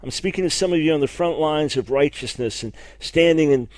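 A middle-aged male preacher delivering a broadcast sermon in a fairly high voice. He is emphatic and fervent, doubling words for stress. The sound is dry and close, with no room around it. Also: a little fast, darkish tone, dry recording. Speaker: preacher and radio Bible teacher.

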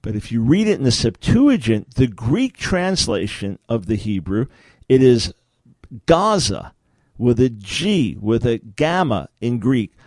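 A man's voice: medium pitch, big pitch swings, a little slow, a little mellow, dry recording. A man hosting a radio talk show, teaching in an emphatic, lecturing way with rhetorical questions, speaking from a radio studio.

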